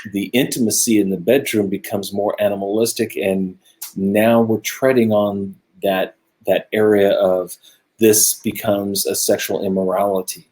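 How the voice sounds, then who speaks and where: A man co-hosting a casual Bible study talk, earnest and musing, growing animated when he makes a point. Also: lowish voice. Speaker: co-host of a religious discussion show. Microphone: own camera close by, video stream.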